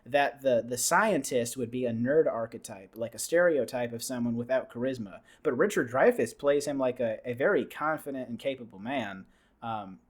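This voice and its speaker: A man's voice: mid-range voice, moderate pace. Rambling young man recapping a film. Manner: rambling, acts out characters' lines. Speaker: podcast host. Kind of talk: casual movie review chat.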